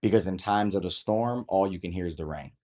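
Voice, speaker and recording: A man hosting a life coaching talk, giving calm, measured advice. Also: low-pitched.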